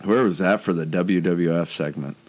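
A man's voice: low voice, moderate pace, very noisy. A man co-hosting a podcast in casual chat, joking crudely and laughing at his own gags. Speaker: podcast co-host.

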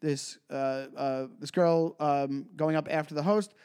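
A man, co-hosting a podcast and telling a story in casual chat, acting out other people in high voices. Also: steady tone, measured pace, a little mellow, smooth. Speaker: podcast co-host, comedian.

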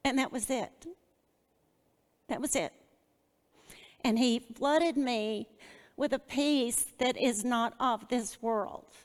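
A woman's voice: fairly high pitch, takes it slowly, long pauses, big-room sound. A woman giving devotional Bible teaching in an earnest, personal way. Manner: earnest, personal, with a shared testimony.

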